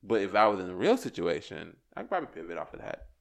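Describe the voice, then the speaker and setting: A young man, a podcast guest, talking in an animated, rambling way with many restarts. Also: low voice, quick pace, creaky. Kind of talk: casual chat.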